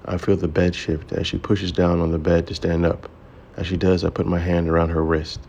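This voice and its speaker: A man narrates an audiobook with a very deep voice. His reading is steady and measured, with a gravelly rasp running through it. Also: muffled recording, a little hiss or hum.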